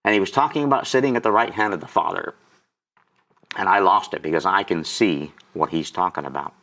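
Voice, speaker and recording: Low-voiced guest in his 60s, emotional testimony storyteller who chokes up. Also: brisk, fairly bright tone. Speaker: guest auctioneer.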